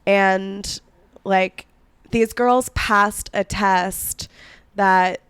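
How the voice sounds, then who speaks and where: A woman co-hosting a podcast, telling history in casual chat, with a hoarse, fading voice and lots of "like" fillers. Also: mid-range voice, steady tone, very slow, fairly bright tone, dry recording. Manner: chatty, many "like" fillers, indignant asides. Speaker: podcast co-host.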